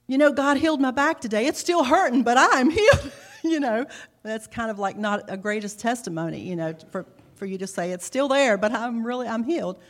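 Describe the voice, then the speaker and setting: Middle-aged woman telling her church story, chatty and jokey about herself, lots of laughing. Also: fairly high pitch. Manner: chatty, self-mocking, laughs often. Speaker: speaker giving a testimony. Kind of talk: church testimony talk.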